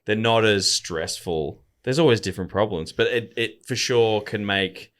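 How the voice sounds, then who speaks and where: A man's voice: lowish voice, normal speed, a bit bright. A man, a father of two, reflecting on family life as a podcast guest. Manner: laid-back, reflective. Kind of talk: casual podcast chat.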